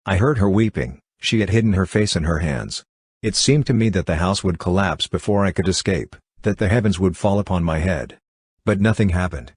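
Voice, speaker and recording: A man narrating a literary audiobook in a measured, somber reading. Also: low-pitched, darkish tone, husky, no echo.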